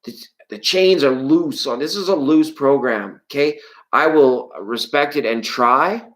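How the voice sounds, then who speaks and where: Live tarot host, loose and playful, jokes while greeting chat, voice leaps high when worked up. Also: unhurried, a bit bright, rough recording. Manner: rambling, playful and jokey; greets and answers viewers from chat. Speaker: tarot reader hosting a live stream. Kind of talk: live-stream chat with viewers.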